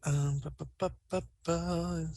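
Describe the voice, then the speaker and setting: A man playing in a tabletop game, chatting in an excitable way. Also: a little high, slow, no room sound, studio quality. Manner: excitable, laughing often. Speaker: player. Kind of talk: casual tabletop game chat.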